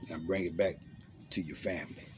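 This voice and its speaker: Background noise sits behind a man whose low voice is fairly even and a little fast. He's a motivational self-defense speaker guiding a visualization in a blunt, intense monologue peppered with slang and orders.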